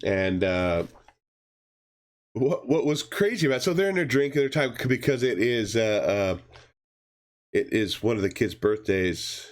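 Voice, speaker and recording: Male podcast co-host, low-pitched, casual and rambling. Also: animated, a little slow, long pauses. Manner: rambling, with many fillers and restarts; acts out characters' lines in a raised voice. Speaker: podcast co-host reviewing comics. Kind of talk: casual chat.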